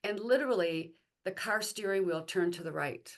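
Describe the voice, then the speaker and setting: A middle-aged woman, a guest, telling a personal faith story in a conversational way, pausing with fillers and restarts. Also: medium pitch.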